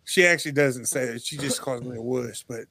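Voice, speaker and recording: A man, a podcast guest telling stories in casual chat, animated and laughing, acting out what people said. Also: mid-range voice, fairly quick, crowd noise. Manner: animated, laughing storyteller who acts out quotes.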